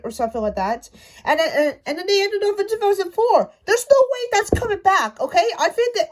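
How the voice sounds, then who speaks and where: Brief: high-pitched woman, fan rant, halting delivery full of restarts. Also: a little mellow. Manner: halting, stumbling, many restarts. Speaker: fan commentator. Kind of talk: casual rant to camera.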